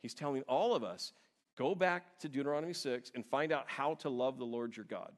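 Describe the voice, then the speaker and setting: A man's voice: medium pitch, a little fast. A man, a pastor, preaching a sermon in a church in a conversational, explaining way, stressing key words.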